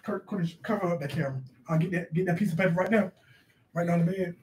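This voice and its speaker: A man playing a loud, bossy middle-aged mother who rants and scolds in slangy speech for a comedy sketch. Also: high-pitched, rapid-fire, far from the mic, slight background noise, close to an everyday voice. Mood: scolding. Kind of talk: improvised comedy sketch, live-stream parody.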